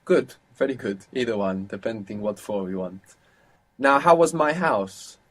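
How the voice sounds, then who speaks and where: A man's voice: lowish voice, animated, moderate pace, fairly bright tone. A man teaching as a language teacher on an audio course, patient and explaining things step by step.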